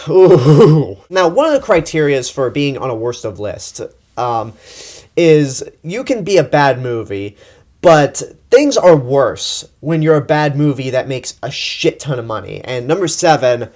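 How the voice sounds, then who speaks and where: A man's voice: medium pitch, sing-song, a little slow. A young man from Texas giving a blunt, exasperated movie review monologue and swearing freely. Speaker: film critic.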